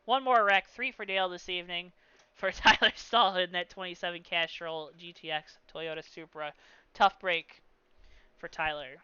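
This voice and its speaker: Bright-voiced male racing commentator. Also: high-pitched, normal speed, smooth, no room sound, lo-fi sound. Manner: lively, joking asides. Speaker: play-by-play commentator.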